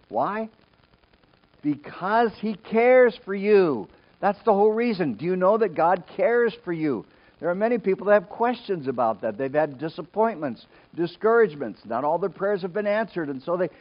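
A middle-aged male pastor preaching an earnest sermon to his congregation, moving between loud emphasis and quiet storytelling. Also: high-pitched. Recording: dull lo-fi sermon recording.

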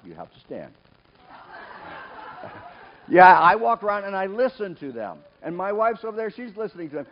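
A man preaching a sermon in church, lively and joking, calling on members of the congregation by name. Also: high voice. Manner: lively, jokes with the congregation, calls out names. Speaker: pastor. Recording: dull sound with faint noise.

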